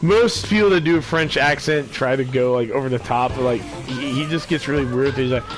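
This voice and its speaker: Young man, casual gaming chat, rambling, mid pitch, game music behind. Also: brisk, few pauses. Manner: rambling, full of "like" and restarts. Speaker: streamer. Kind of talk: casual chat over gameplay.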